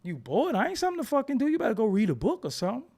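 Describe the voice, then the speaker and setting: In a loose, foul-mouthed rant, a man talks with animated emphasis and repeats words as he heats up. His voice is very high and creaky, and he speaks rapid-fire.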